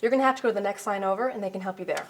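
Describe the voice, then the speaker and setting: Fast-talking, curt clerk with a dry tongue , a woman in the role. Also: mid-range voice, close to an everyday voice. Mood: sarcastic. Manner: curt, sarcastic. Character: brisk, sarcastic woman office clerk.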